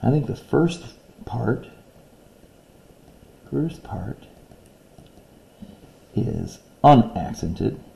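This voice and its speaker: A male teacher recording a lesson video, patiently explaining a poem step by step and reading its lines aloud slowly. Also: mid-range voice, big pitch swings, creaky, warm tone.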